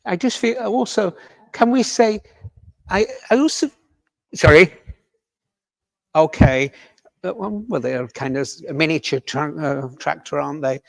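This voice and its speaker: A man working as a medium in a village hall, talking gently and tentatively to a member of the audience and often checking that what he says makes sense. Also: fairly high pitch, animated, measured pace, gravelly, long pauses.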